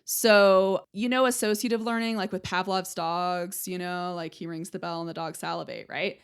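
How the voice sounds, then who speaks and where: A woman's voice: on the low side, fairly even intonation, normal speed, clear, resonant tone. A young adult woman hosting an educational podcast, chatting casually and checking in with listeners as she explains. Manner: chatty, explains with analogies, checks in with "right?" and "okay?". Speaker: podcast host, speech-language pathologist.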